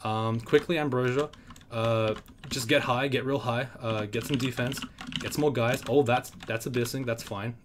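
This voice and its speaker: A man's voice: medium pitch, brisk, background noise. Young man streaming, keyboard clatter. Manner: casual, swearing, mock trash talk. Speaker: game streamer. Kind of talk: live gameplay commentary. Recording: loud keyboard clicks and typing.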